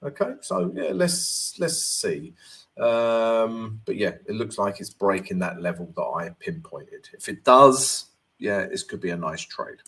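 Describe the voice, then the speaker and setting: A man's voice: fairly low pitch, lively intonation, measured pace, vocal fry, fairly bright tone. A man, a forex trading coach, casually chatting on a live stream, reading out viewer comments and walking through charts as he answers them. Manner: upbeat greetings, talks while walking through charts.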